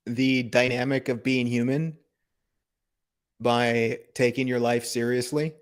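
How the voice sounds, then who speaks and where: A man giving a calm, reflective spiritual talk on a live broadcast, asking gentle rhetorical questions. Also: medium pitch, slow, smooth. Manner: calm, contemplative, asks rhetorical questions, laughs softly.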